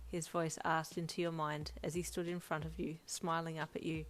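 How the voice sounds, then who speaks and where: A woman narrating a second-person fanfic story in an expressive, lively manner. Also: on the low side, brisk, hardly any pauses.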